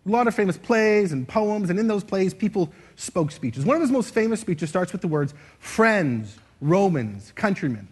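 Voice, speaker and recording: Playful husky man leading a crowd. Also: high-pitched, animated, brisk, hardly any pauses, a little mellow. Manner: playful, demonstrative, shifts voice to show expression. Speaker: speaker leading an audience activity. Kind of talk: interactive stage talk. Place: stage before a live audience.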